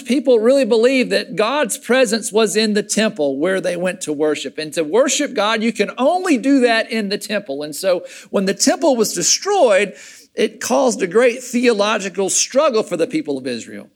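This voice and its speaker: High-voiced man preaching a casual sermon. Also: moderate pace. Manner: conversational, animated preaching with frequent restarts. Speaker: pastor.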